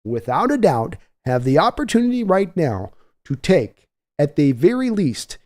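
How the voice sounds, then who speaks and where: A man hosting a live-streamed draft show, talking in a chatty, excitable way and reading viewer donations aloud. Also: on the high side, normal speed. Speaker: livestream draft host.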